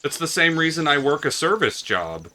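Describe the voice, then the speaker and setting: A young man in a let's-play chat, sardonic and foul-mouthed, his pitch leaping around as he tells stories. His tone is very bright and cutting. A faint hiss sits under the recording. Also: normal speed. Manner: swearing, sardonic, animated storytelling. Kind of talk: casual gaming chat.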